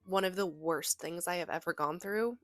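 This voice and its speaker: A woman's voice: fairly low pitch, normal speed, no room sound, faint music behind. A young woman in casual chat about books she read, talking in a gushing, rambling way with many fillers and restarts, from her bedroom. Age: young adult. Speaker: book vlogger.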